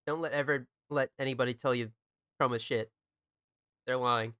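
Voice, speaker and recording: Crisp bright-voiced young man streaming. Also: mid-range voice, fairly even intonation, moderate pace, no echo, studio quality. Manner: laid-back, swears often, jokes with chat. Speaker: game streamer. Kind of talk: casual chat while gaming.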